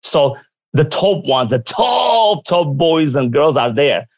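A man telling stories from his working life in a lively, animated way, often acting out what others said. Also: fairly high pitch, slow, dry recording. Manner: lively, acts out quoted dialogue. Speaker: guest. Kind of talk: casual storytelling.

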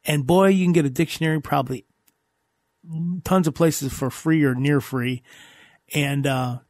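A man's voice: on the high side, steady tone, moderate pace, a little mellow, dry recording, studio quality. A man hosting a casual podcast chat, enthusiastic and repetitive, often restarting his sentences. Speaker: host.

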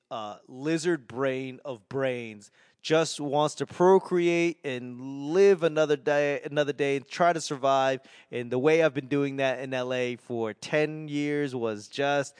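A man's voice: mid-range voice, unhurried, clear, resonant tone, dry recording, studio quality. A man in his forties from Boston with a faint Boston accent, rambling through a solo podcast monologue in a self-deprecating, sarcastic way. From Boston, New England. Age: 40s. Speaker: comedian and podcast host.

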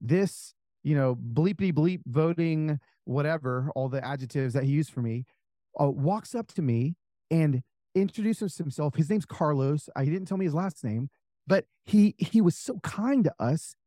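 A man with a slightly raised, lively voice shares stories as a guest author. He rambles with fillers and acts out the voices of the people in his stories. The sound is close and dry, with no room around it. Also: fairly high pitch, normal speed, dry recording. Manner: animated, acts out quoted voices, many fillers. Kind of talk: casual storytelling interview.

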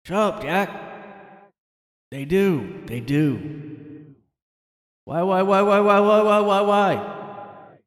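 A man voicing a cranky, boastful old male president who snaps and shouts at reporters. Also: mid-range voice, lively intonation, slow, pauses often, reverberant, long reverb tail, voice pushed up. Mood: angry. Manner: shouting, testy, dismissive. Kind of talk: mocking impression in a rant.

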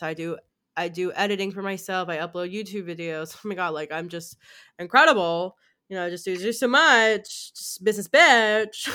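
A young woman in her twenties hosting a podcast, chatting casually with lively, rambling talk and free swearing. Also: on the low side. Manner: animated, rambling, swears freely. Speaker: podcast host. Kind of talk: casual chat.

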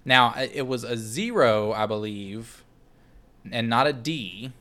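A man co-hosting a spooky podcast in casual chat, rambling with fillers and quick laughs. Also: medium pitch, animated, sharp tone. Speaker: podcast co-host.

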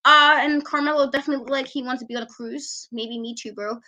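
Woman, high voice, bright tone, casual podcast rant, emphatic, exasperated. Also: fast. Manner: animated, exasperated, laughing often; emphatic repetition. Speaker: wrestling show co-host.

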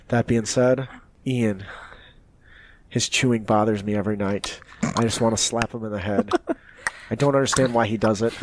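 A man's voice: lowish voice, pitched below the performer's own voice, close to an everyday voice. A man voicing a grumpy, saddle-sore male adventurer, reading an in-character journal entry in a grumbling, complaining way.

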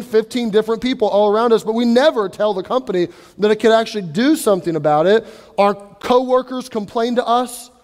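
A man with a notably high voice delivers a sermon in a church sanctuary, his words trailing into a long reverb. He preaches in a relaxed, conversational way, often slipping into playful impressions of people complaining. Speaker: pastor.

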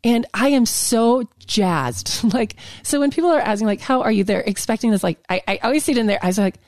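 Effusive, rambling woman with a bright voice. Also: on the high side, a little fast. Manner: effusive, rambling, many restarts and fillers. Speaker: podcast guest. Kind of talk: emotional casual conversation.

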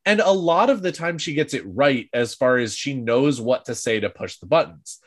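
A man co-hosting a casual podcast discussion, animated and often laughing, acting out quoted lines. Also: medium pitch, moderate pace. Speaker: podcast co-host.

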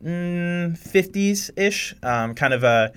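Halting man running a tabletop game. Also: high-pitched, lively intonation, fairly bright tone, clear, resonant tone. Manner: halting, full of fillers and restarts. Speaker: game master.

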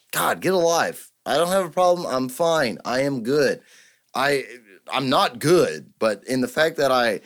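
A man hosting a solo podcast, ranting heatedly and swearing constantly. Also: mid-range voice. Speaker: podcast host.

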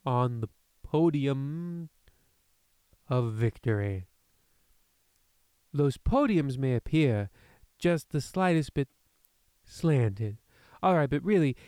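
A man hosting a comedy audio show, introducing the episode in a deadpan, wry manner. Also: mid-range voice, clean tone, dry recording, clean studio sound. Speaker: narrator and host.

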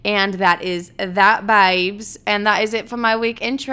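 Woman podcaster, clear smooth tone, loose profane chat. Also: medium pitch, fairly even intonation, measured pace, sharp tone. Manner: candid, profane, rambling. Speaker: podcast host. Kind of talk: casual solo podcast chat.

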